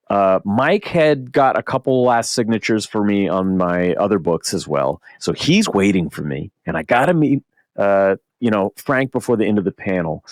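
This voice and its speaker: Swearing, animated man telling a story. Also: lowish voice, no room sound, clean studio sound. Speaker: podcast host. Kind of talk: casual storytelling chat.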